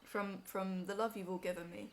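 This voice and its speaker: A woman's voice: medium pitch, steady tone, normal speed, slight background noise. A young woman on a live stream, emotional and teary as she talks to her chat from home.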